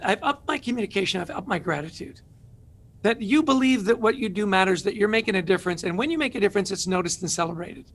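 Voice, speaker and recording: A man's voice: high voice, a bit bright. A middle-aged man, an author and guest, telling stories energetically in an interview with emphatic rhetorical questions.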